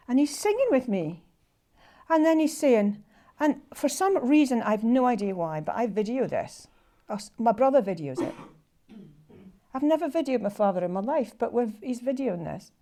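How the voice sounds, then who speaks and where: A woman's voice: fairly high pitch, lively intonation, a little mellow. Heartfelt Scottish woman telling a story. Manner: halting, repetitive and heartfelt. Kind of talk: live personal storytelling.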